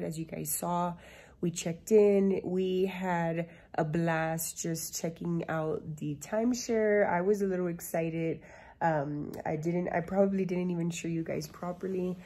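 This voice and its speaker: A woman's voice: fairly low pitch, mellow, low-quality recording. A young woman in her twenties chatting casually to a handheld camera as a travel vlogger, bubbly and full of fillers. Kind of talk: casual vlog chat.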